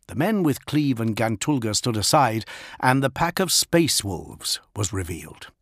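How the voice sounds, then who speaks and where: A man reading an audiobook as narrator, measured and quiet. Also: mid-range voice, very animated, no room sound, clean studio sound. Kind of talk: scripted narration.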